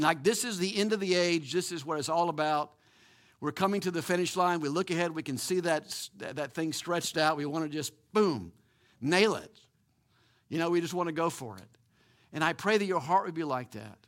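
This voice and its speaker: A pastor delivers a sermon in a voice that sits on the high side. He is animated and emphatic, repeating words, restarting sentences, and now and then letting out a chuckle.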